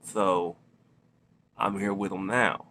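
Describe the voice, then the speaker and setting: A man's voice: low voice, flat delivery, takes it slowly, sharp tone, slight background noise. A man casually telling a personal story, rambling with many fillers, restarts and slang. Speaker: storytelling vlogger.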